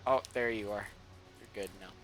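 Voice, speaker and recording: A young man running an online tabletop game as game master, chatty and quick to laugh, on a home mic over a voice call. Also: lowish voice, steady tone, fairly bright tone, faint music behind. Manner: chatty, laughs often, restarts sentences. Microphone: home microphone on a voice call.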